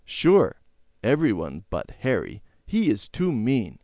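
A man voicing a slow, hesitant neighbor boy in a children's storybook reading. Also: medium pitch, wildly swooping pitch, mellow, dry recording, clean studio sound, exaggerated voice.

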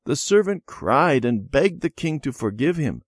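A stubborn young boy from a children's storybook, as voiced by a man reading aloud. He sounds boyish and earnest, with a lively, bouncing pitch. The sound is close and dry. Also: a little slow, breathy edge, no room sound, full character voice.

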